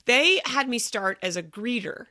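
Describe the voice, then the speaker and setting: Bright-voiced woman telling a rambling story. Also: a little high, animated, measured pace, no room sound, studio quality. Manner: chatty, rambling with many likes. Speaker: podcast guest. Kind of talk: casual storytelling.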